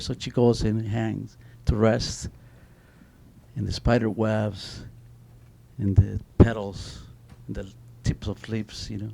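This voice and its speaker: A man's voice: on the low side, steady tone, measured pace, gravelly, darkish tone. A middle-aged man speaking on an author panel, telling stories animatedly with many restarts and a repeated "you know.". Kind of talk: panel talk with spoken storytelling.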